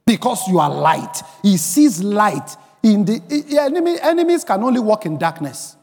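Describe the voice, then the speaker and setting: Man, high-pitched pastor preaching in a church hall with long reverb; emphatic, breaks into song and shouts. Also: sing-song, normal speed, vocal fry. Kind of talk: sermon.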